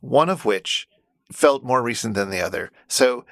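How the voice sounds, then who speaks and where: A man's voice: medium pitch, animated, measured pace, gravelly, fairly bright tone, dry recording. A man in his forties from the United States co-hosting a podcast, chatting casually and laughing often. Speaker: podcast co-host. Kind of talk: casual chat.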